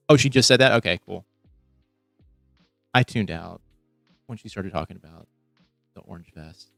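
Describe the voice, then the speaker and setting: A man's voice: fairly low pitch, expressive, normal speed, gravelly, pauses often, fairly bright tone, no room sound, soft background music. Sarcastic young man reacting on a stream. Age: young adult. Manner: profane, sarcastic, mutters asides. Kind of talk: live reaction stream commentary.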